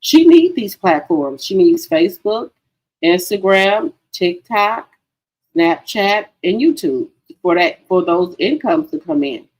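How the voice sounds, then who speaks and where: A woman's voice: on the low side, sing-song, slow, poor audio. A woman hosting a casual gossip livestream, chatty and profane, talking to her viewers as girlfriends. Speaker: livestream host.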